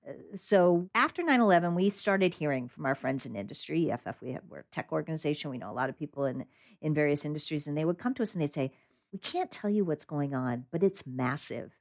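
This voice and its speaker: A woman guest telling a story in a lively, conversational way, with frequent restarts and laughter. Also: low voice, quick pace. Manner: animated, laughs often, many restarts. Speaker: guest, digital rights lawyer.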